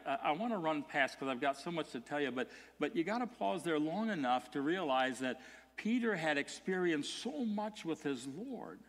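A man's voice: medium pitch, normal speed, fairly bright tone. A male pastor preaching an earnest sermon, with stammered restarts that swell into emphatic peaks. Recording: long hall reverb.

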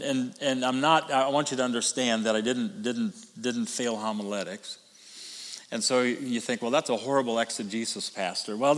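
A pastor preaches a sermon emphatically, his fairly high voice swinging between loud declarations and hushed asides. The sound carries the echo of a big room.

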